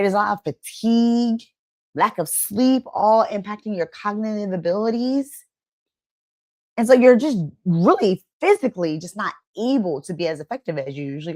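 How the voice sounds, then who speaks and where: A woman's voice: mid-range voice, darkish tone. A woman giving a motivational wellness talk to camera, emphatic and conversational, often checking in with "right?" and acting out quoted inner voices. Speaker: wellness coach and channel host.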